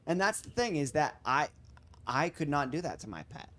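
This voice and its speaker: A man co-hosting a casual stream, reacting to videos with slangy, animated chat and quick impressions of the people he watches. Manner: animated, slangy, mimics people in high voices. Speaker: stream co-host.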